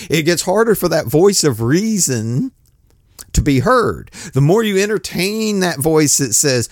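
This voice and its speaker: A man giving an informal, blunt, plain-spoken sermon, swinging between loud outbursts and low mutters. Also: big pitch swings, normal speed, no echo, clean studio sound. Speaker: preacher.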